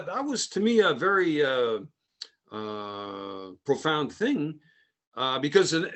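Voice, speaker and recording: A French Canadian podcast host from Canada tells a casual, rambling story, sprinkling in "eh" and "man" constantly. His voice is mid-range and a bit bright.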